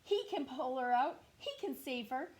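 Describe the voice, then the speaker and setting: A woman's voice: a little high, animated, a little fast, a little mellow, natural voice. A woman voicing a worried male farmer who calls out urgently for help, in a children's storybook reading. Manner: urgent, raised voice. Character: worried shouting farmer, man, middle-aged.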